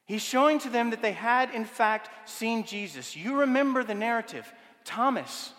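Male pastor, high bright tenor, emphatic sermon delivery, long church-hall reverb. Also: lively intonation, normal speed. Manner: rhetorical, emphatic preaching with repeated questions.

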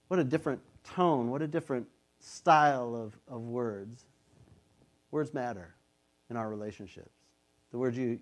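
A middle-aged pastor preaching in an easy, talky style. He is a man in his fifties with a voice of average pitch, and he now and then slips into the voices of the people he quotes. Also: a little mellow. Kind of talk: sermon.

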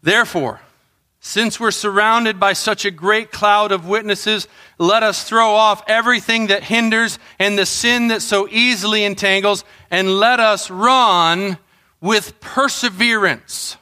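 A middle-aged man preaching a sermon as pastor, telling animated stories and acting out what people said. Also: high voice, measured pace. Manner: animated storytelling, acts out quotes and shouts.

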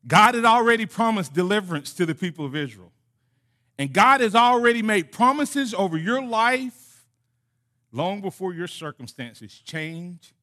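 A man preaching a sermon in a high, bright voice. He acts out conversations between God and his listeners with lively emphasis. His delivery is animated and direct. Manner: animated preaching that drops to a soft closing prayer. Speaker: pastor.

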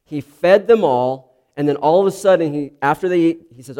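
A man's voice: a little high, brisk, few pauses, mellow. A man preaching, first praying and then reading scripture and explaining it in an earnest, conversational way. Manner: earnest, conversational, with restarts and asides. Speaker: pastor. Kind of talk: sermon with prayer and scripture reading.

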